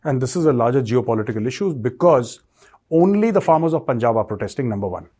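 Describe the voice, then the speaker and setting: A man's voice: mid-range voice, animated, fast talker, warm tone, breathy edge. A man giving direct-to-camera commentary and answering viewer questions, emphatic and repeating his key points. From India. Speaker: defence commentator and show host.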